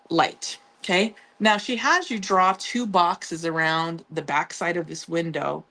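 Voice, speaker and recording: A woman's voice: lowish voice, a bit bright. A woman hosting a casual live sewing tutorial, chatty and upbeat, with frequent ums and playful asides to her viewers. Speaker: sewing channel host.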